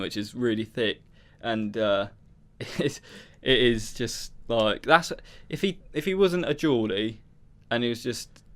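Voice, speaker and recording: A young man from southern England co-hosting a podcast in a rambling, casual chat. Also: mid-range voice. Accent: Southern English. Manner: chatty, rambling, slips into mock accents. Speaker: podcast co-host.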